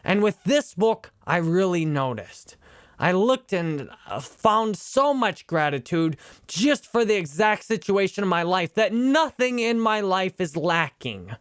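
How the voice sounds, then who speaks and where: A man's voice: high-pitched, animated, measured pace, clear, resonant tone, dry recording, clean studio sound. A man in his thirties, an online instructor, talking earnestly and openly about a book and his own life. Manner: earnest, personal, emotionally open. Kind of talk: reflective book review talk.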